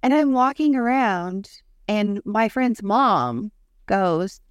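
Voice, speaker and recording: A woman in her thirties co-hosts a casual podcast, telling stories in an animated way. Her pitch rises and falls widely as she acts out the people she quotes. The sound is close and dry. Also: slow, clean tone, no echo. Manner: animated storytelling with acted-out quotes. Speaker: podcast co-host. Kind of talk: casual chat.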